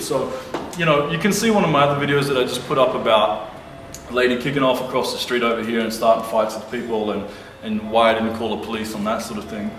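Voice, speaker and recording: A man's voice: mid-range voice, fairly even intonation, fast, a bit bright. Profane man telling a heated story. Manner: blunt, profane, heated retelling. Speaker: vlogger. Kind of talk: casual storytelling to camera. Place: lives abroad. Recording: roomy, distant mic with faint noise.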